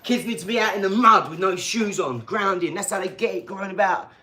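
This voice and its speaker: A man's voice: high voice, brisk, pushed and bright. Rambling man ranting on a live stream. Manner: rambling, cheeky, laughs between remarks. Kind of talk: casual live-stream rant.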